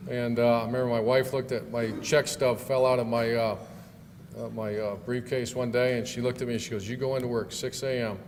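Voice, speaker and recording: A middle-aged man, a football coach, giving a banquet speech with jokes. He tells stories in a folksy way with many filler pauses. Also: mid-range voice, level tone, darkish tone. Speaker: football coach, guest speaker. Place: large banquet hall. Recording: long hall reverb, faint room noise.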